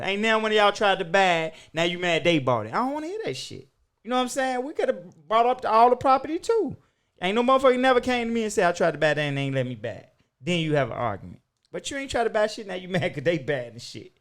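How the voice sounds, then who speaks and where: A man hosting a podcast, talking in a loud, emphatic, profane way that swings between shouting and muttering. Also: high voice, big pitch swings, quick pace. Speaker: podcast host. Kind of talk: casual chat.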